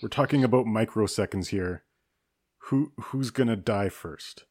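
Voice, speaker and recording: A man's voice: on the low side, unhurried, a little mellow, slightly rough, no echo, studio quality. A man hosting a casual podcast chat, decisively laying out scenarios and making rulings. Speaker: podcast host running a hypothetical movie showdown.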